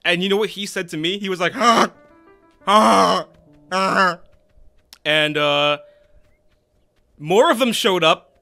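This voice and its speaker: A man streaming a game in casual commentary, excitable and quick to yell and swear at the characters, drifting into rambling stories with many restarts. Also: high voice, soft background music. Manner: rambling anecdotes with frequent restarts.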